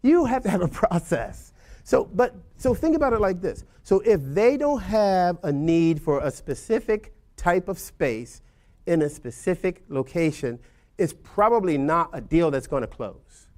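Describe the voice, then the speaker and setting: A man's voice: sits high, sing-song, measured pace, darkish tone. A man teaching a class of real estate agents in a loose, conversational way, often checking in with "right?" over a video call. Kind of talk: informal lecture to agents.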